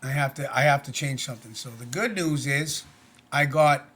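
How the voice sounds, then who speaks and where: A man's voice: mid-range voice, normal speed, a bit bright, husky. A middle-aged man talking to camera in a casual personal vlog, earnest, plainspoken and rambling. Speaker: vlogger.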